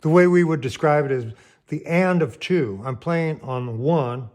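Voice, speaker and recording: A man's voice: a little high, measured pace. A man teaching piano, explaining rhythm plainly and counting beats aloud. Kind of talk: piano lesson, counting aloud while playing. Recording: piano underneath the voice. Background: piano playing.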